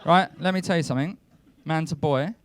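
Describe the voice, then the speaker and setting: A young man doing a stand-up comedy set on a club stage, telling his stories deadpan and breaking into shouted rants. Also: on the high side, brisk. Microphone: handheld stage mic.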